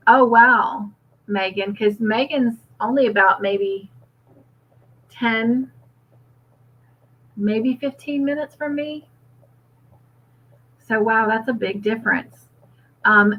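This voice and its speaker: A woman hosting a casual livestream, reading out viewer comments and chatting back with frequent laughs. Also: a little high. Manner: chatty, warm toward viewers, laughs often. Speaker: host. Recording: slightly dull lo-fi audio.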